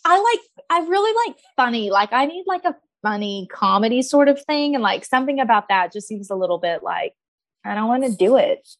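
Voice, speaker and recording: A woman talking casually as a podcast guest, acting out whiny kids and her own yelling. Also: fairly high pitch, big pitch swings, brisk. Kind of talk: casual chat.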